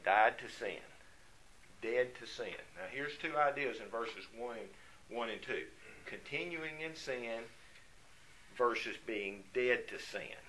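A man's voice: medium pitch, slow, pushed and bright, poor audio. A man preaching a sermon, emphatic, asking rhetorical questions and answering them himself.

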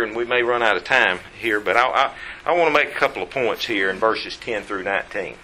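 A man's voice: fairly low pitch, brisk, few pauses, sharp tone, a little hiss or hum, poor audio. Folksy man teaching Bible class. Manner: folksy, rambling with restarts.

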